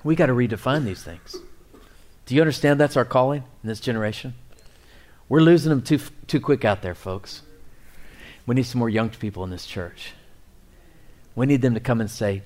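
A middle-aged man preaching a sermon, swinging between loud, excited appeals and quiet, near-whispered asides. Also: medium pitch, moderate pace, long pauses. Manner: animated preaching, rising and dropping to near whispers. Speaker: pastor.

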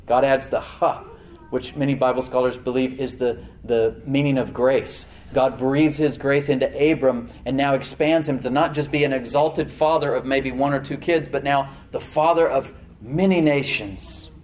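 A male pastor preaching a sermon in church, animated, slowing down to stress words and acting out the voices he quotes. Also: medium pitch. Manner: animated preaching, slows for emphasis, acts out quoted voices and laughs.

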